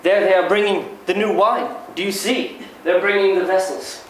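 A man reading the part of a gentle, loving old monk elder in a slow, tender, solemn way. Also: high voice, steady tone, a little hiss or hum. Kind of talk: dramatic reading. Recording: echoey room, mic far off.

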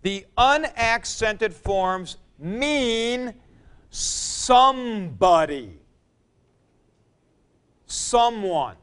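A man teaching a Greek grammar class in a classroom, explaining slowly and calling on students by name. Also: high voice, lively intonation, a bit bright, smooth. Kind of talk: classroom lecture.

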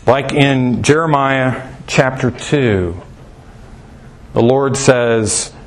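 A man with a mid-pitched voice teaching scripture in a relaxed, conversational way. He fires off rhetorical questions and jumps his voice up high to make a point. Folksy asides and little fillers keep it feeling like a chat. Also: extremely slow, a little hiss or hum. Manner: animated, asks rhetorical questions, swings pitch for emphasis. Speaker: preacher.

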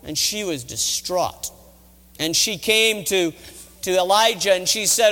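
A man's voice: high-pitched, animated, a little slow, pushed and bright. A middle-aged man, a college chaplain, retelling a Bible story in a dramatic sermon. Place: college chapel. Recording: reverberant chapel hall.

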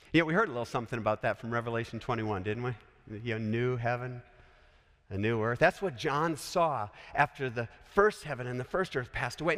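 A man's voice: on the high side, fairly bright tone. A man from Colorado preaching a sermon in a chapel, conversational and full of joking asides. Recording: echoey hall.

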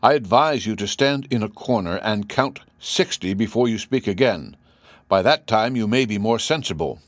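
A man playing a calm blunt general. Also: lowish voice, normal speed, no echo, close to an everyday voice. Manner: calm and dry.

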